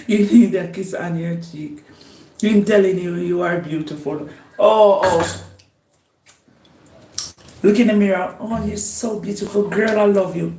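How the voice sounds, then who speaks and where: A woman vlogger chatting casually while she cooks, unhurried, laughing often and talking herself up. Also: fairly low pitch, dark tone. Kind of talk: casual chat while cooking. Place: home kitchen. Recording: roomy echo.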